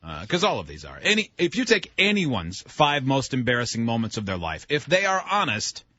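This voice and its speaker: A man's voice: medium pitch, wildly swooping pitch, fairly quick, bright, forceful tone, dry recording, muffled recording. A man co-hosting a morning radio show, teasing his partner in casual, wry banter. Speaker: radio co-host. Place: radio studio.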